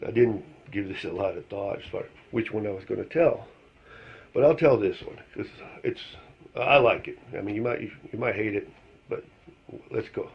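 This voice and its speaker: A man rambles through a casual spoken monologue, stringing thoughts together with lots of fillers. His voice is gravelly and husky at a middle pitch. The sound is dull and lo-fi. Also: moderate pace. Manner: rambling, full of fillers, chuckles at his own story. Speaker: storyteller telling a joke. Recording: dull lo-fi recording.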